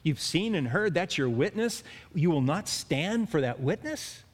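A man's voice: fairly high pitch, sing-song, measured pace. A man preaching a sermon in an earnest way, with stumbling restarts and emphatic rises on key words. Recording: long hall reverb.

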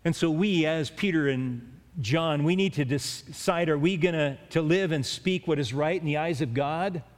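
A man preaching a sermon with a slightly higher voice than most men. He speaks earnestly, stumbling and restarting words, then rising hard on the points he stresses. His voice carries a long reverb, as in a large hall. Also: normal speed.

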